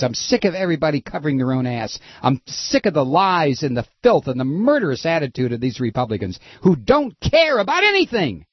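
A man hosting a talk radio show, ranting heatedly and sarcastically about politics with a husky voice. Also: medium pitch, no room sound, dull audio. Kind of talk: impassioned political radio monologue.

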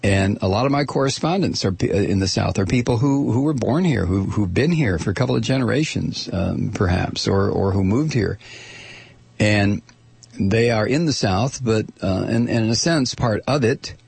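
A man's voice: lowish voice, normal speed, creaky, darkish tone, breathy edge, no room sound. An older man hosting a talk radio show, rambling through his monologue with many restarts and repeated words. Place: radio studio.

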